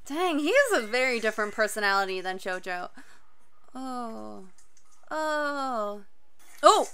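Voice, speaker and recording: A young woman doing a casual anime reaction, excitable and quick to gasp and shriek. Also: a little high, clear, resonant tone. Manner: excitable, gasping and shrieking in surprise.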